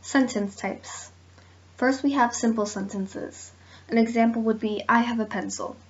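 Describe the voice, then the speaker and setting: A woman's voice: on the high side, a little slow. A woman student reading a class presentation on grammar and giving spoken examples. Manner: steady, reads examples aloud. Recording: dull lo-fi recording.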